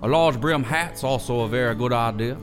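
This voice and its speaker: Male performer as a genteel Southern gentleman host: Southern US accent, slow and flowery comic monologue, mid-pitched voice over faint music. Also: close to an everyday voice. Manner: courtly, flowery and unhurried.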